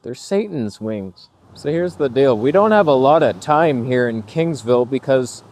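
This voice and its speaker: A man's voice: mid-range voice, expressive, moderate pace, darkish tone. A man vlogging casually while walking outdoors, rambling through wry, jokey stories. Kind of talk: casual vlog chat. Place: walking outdoors in a small town.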